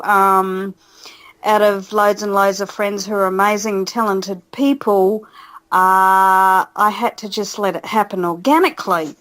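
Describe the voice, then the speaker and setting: A woman's voice: medium pitch, steady tone, unhurried, fairly bright tone, rough recording. A woman, a radio show guest, chatting in an upbeat, easygoing way. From Australia. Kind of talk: casual radio interview.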